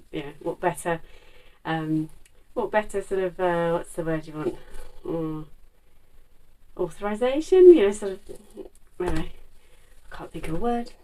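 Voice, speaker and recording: A middle-aged woman talks casually to camera about her sewing. Her voice sits low, and she rambles along with fillers and restarts. The mic is set a little away from her. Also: far from the mic, low-quality recording. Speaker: sewing vlogger.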